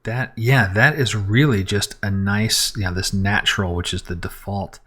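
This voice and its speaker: A man's voice: fairly low pitch, fairly even intonation, measured pace, sharp tone, husky. A man, possibly middle-aged, talking through a photo edit live and unscripted, thinking aloud step by step with frequent fillers. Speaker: photographer teaching photo editing. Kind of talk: unscripted live screen-recorded editing tutorial.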